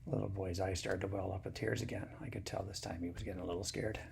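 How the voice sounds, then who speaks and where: A man telling a personal story in a plain, unhurried, folksy way. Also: deep voice, fairly even intonation, vocal fry, background noise.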